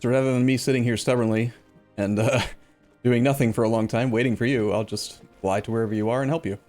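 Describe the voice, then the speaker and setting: A man hosting a multiplayer let's play in loose, chatty talk, often restarting his sentences and cracking jokes. His voice sits right in the middle of the male range. Soft game music plays faintly underneath. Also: medium pitch, steady tone, fast. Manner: rambling, self-correcting, jokey. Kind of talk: casual gaming chat.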